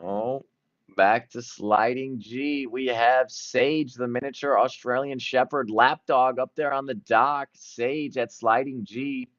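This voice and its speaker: A man giving excited live play-by-play commentary, jumping quickly from one event to the next, on a dull lo-fi stream recording. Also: mid-range voice, no echo. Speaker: sports commentator.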